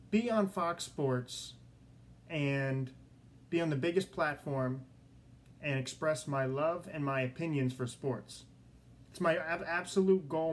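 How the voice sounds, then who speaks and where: A young man hosting his own sports podcast in a studio, talking excitedly and repeating himself as he tells a story. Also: a little high, slight background noise. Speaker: podcast host. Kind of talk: solo podcast monologue.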